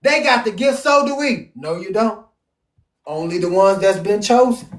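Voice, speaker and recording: A man, teaching the Bible in a casual, animated, joking way, drawing out words for emphasis, his voice going hoarse. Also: high-pitched. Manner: animated, jokey, drawn-out emphasis. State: losing his voice. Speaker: preacher. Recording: echoey room, far from mic.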